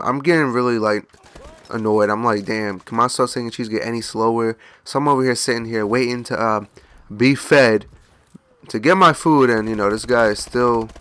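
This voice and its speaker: A man's voice: medium pitch, a bit bright, no echo. Young man, laid-back storyteller, rambling anecdote, dry close sound. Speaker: gaming channel host. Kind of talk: casual storytelling.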